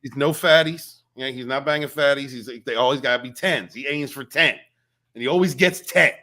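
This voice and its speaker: A man hosting a casual livestream interview, greeting chat members by name in a jokey, excitable way. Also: medium pitch, a little fast. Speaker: interview show host.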